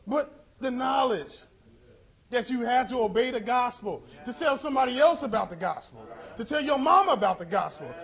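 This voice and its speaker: Male preacher, very high voice, impassioned delivery that climbs into shouting. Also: lively intonation. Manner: impassioned, rising to shouts, drawn-out emphasis. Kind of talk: sermon.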